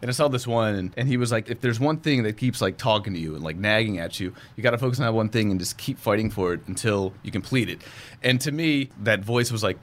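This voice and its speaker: A young adult man, a film director guest, telling stories in a casual podcast interview with a chatty manner. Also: on the low side. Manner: fast, chatty storytelling with frequent laughs.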